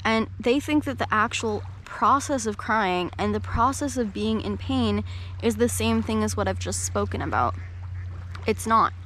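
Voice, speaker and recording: Gentle, soothing woman coach. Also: a little high, a little hiss or hum. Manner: gentle, slow and soothing, acts out quotes. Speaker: coach and podcast host. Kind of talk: reflective coaching talk.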